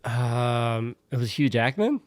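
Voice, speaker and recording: A man's voice: mid-range voice, lively intonation, takes it slowly, dry recording. A man co-hosting a podcast, laid-back and joking along in casual chat. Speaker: podcast co-host.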